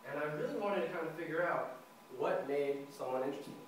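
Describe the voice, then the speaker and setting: A young man giving a prepared club speech to a live audience, animated, acting out dialogues and laughing at his own jokes. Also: a little high, quick pace, slight background noise. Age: young adult. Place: meeting room with a live audience. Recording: echoey room, mic from far off.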